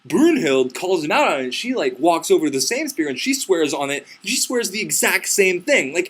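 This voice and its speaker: A man's voice: sits high, sing-song, normal speed, hardly any pauses, fairly bright tone, slightly rough. Sarcastic rambling young man. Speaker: comedic myth storyteller. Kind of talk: casual comedic retelling.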